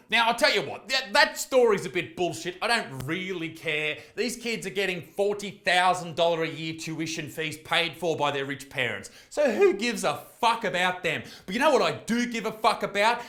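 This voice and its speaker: A man's voice: sits high, expressive, moderate pace, few pauses, sharp tone, faint music behind. An Australian man, a comedian host, ranting in comedic commentary with profane, mocking outbursts.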